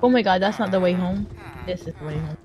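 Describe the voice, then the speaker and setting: A young Filipino woman with a Filipino accent, giving profane, dramatic commentary and shouting at animals in a game. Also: fairly low pitch, fast talker. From Philippines. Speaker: gamer. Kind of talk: casual gameplay commentary.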